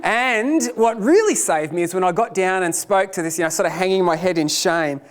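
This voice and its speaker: Animated, self-deprecating male lecturer. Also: sits high, a little fast, slight background noise. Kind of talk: storytelling lecture.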